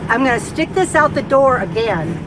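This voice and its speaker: A woman's voice: sits high, sing-song, normal speed. A woman vlogging casually into her handheld phone from inside a bus home during a sandstorm, chatty and exclaiming, with rambling asides. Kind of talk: casual vlog talk to camera. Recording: storm noise around the bus.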